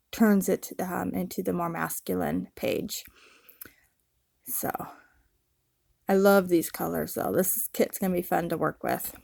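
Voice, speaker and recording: A woman narrating her scrapbooking process in a relaxed, casual voice-over, with many ums and uhs. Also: mid-range voice, creaky, dry recording, studio quality. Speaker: scrapbooking channel host.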